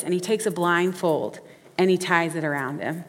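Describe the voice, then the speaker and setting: A woman preaching a sermon, folksy and animated, acting out quotes as she tells stories. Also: fairly low pitch, fairly quick. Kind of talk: sermon with storytelling. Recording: reverberant hall.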